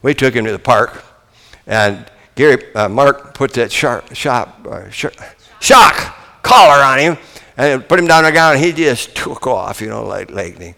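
An older man preaching a folksy sermon, telling stories and swinging between booming and hushed delivery. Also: lively intonation, measured pace, vocal fry, long reverb tail.

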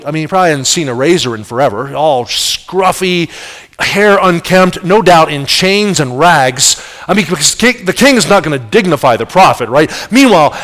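A middle-aged pastor with a slightly high, fairly bright voice preaches a sermon, telling the story vividly and asking the audience rhetorical questions. A large hall's long reverb surrounds his voice.

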